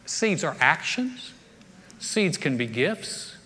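A man preaching a sermon in a bright, high voice, folksy and jovial as he mixes jokes with scripture. He speaks from a stage mic, and his voice rings out through a large church hall with long reverb. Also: very animated, slow, breathy edge. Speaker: pastor.

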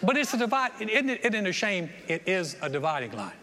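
A man preaching a lively sermon as pastor, repeating phrases and acting out other people's voices, on a stage microphone in a church auditorium. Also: sits high, fairly quick. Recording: long hall reverb, faint room noise.

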